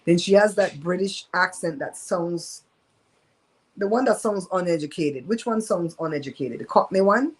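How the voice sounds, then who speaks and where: A woman's voice: lowish voice, moderate pace, slightly rough, poor audio. Candid, emphatic woman hosting a home live stream. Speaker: host of a live show. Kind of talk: casual live-stream storytime.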